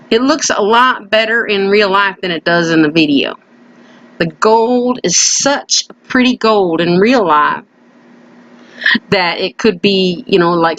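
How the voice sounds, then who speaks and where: A woman's voice: medium pitch, bright, forceful tone, muffled recording. A woman hosting a crafting video, chatting playfully as she works and often slipping into a put-on folksy country voice. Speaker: craft channel host. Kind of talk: casual crafting voice-over. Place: at home.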